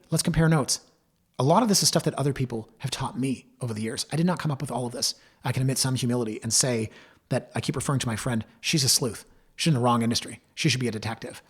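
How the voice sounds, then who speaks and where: Brief: middle-aged man, podcast host, husky, candid and chatty. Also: mid-range voice. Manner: chatty and candid, acts out quoted voices, addresses listeners as guys. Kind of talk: casual solo podcast talk.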